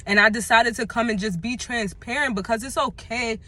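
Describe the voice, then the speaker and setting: A woman talking candidly in a personal vlog, halting and reflective, emotional as she searches for words. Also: a little high, pushed and bright, no echo. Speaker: vlogger.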